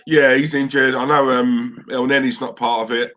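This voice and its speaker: A man with a mid-pitched voice chats casually as a co-host on a football stream. He is easygoing and keeps chiming in to agree. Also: fairly even intonation, pushed and bright. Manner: easygoing, quick agreeing interjections. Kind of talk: casual football fan chat.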